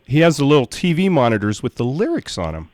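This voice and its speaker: A man's voice: mid-range voice, sing-song, fast talker, darkish tone, no room sound. A male radio show host in a casual interview, stammering and repeating words, often laughing.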